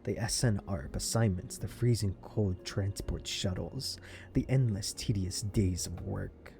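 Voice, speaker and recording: Man, low voice, excitable, laughing, reading game text aloud, slight background noise. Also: measured pace, creaky. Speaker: let's play gamer.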